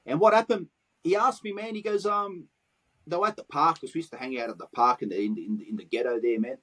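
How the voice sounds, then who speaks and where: A man's voice: on the high side, quick pace, a bit bright, rough recording. A man with a Western Sydney Australian accent, telling stories in a casual interview and swearing freely in street slang. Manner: profane street slang, acts out quoted dialogue. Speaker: guest, graffiti artist.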